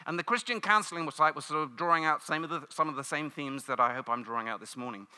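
A British man preaching a sermon, telling stories with lively asides and playful mimicry. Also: a little high, fast, smooth, in a large hall. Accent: British English. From United Kingdom. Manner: animated storytelling, mimics cheering crowds.

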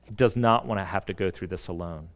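A pastor giving a sermon in a church, earnest and emphatic, with dramatic pauses. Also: male voice, sits low, big-room sound. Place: church sanctuary.

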